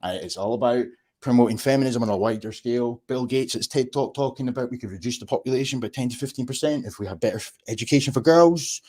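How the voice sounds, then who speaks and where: Sweary animated Scottish man. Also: mid-range voice, quick pace, hardly any pauses. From Scotland. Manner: sweary, animated, laughs often. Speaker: livestream host. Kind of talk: casual livestream chat.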